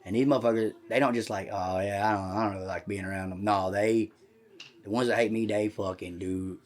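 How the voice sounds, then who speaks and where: A man telling a rambling, profane story on a comedy podcast. He talks loudly and swears constantly. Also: on the low side, steady tone, brisk. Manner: talks loud. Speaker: podcast host.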